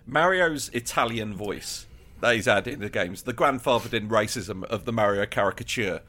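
A young man co-hosting a podcast, building comic theories in casual chat with a laughing, animated manner. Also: fairly low pitch, normal speed. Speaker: podcast co-host.

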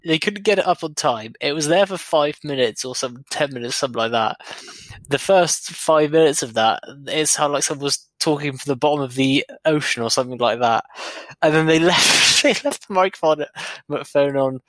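A man's voice: a little high, no echo. A man co-hosting a casual fan podcast, talking animatedly and laughing often. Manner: animated, laughing, quick to mimic others. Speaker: podcast co-host. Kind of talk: casual chat.

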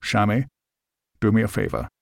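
Casting: a man playing a gruff, curt older gent, quiet and firm. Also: lowish voice, normal speed, no room sound. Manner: curt, dry, few words. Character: tall balding older man, blunt and gruff.

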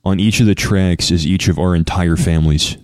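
Deep, dry-sounding deadpan podcast man. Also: a little fast, dry recording. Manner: deadpan, poses absurd dilemma questions. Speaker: podcast co-host. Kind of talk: casual chat.

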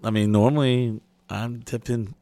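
A man's voice: medium pitch, fairly even intonation, measured pace, mellow, dry recording. A man hosting a podcast, telling rambling, profane stories in casual chat and acting out the people in them. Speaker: podcast host.

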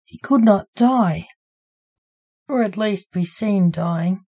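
Slow, mellow-voiced woman reading her story. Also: mid-range voice, husky. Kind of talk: storybook narration.

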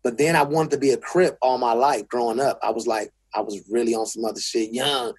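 Husky LA guy cussing and restarting in a casual interview, dry close sound. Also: mid-range voice, steady tone, brisk, no room sound. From South Central Los Angeles. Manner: blunt, profane, restarts often. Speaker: guest.

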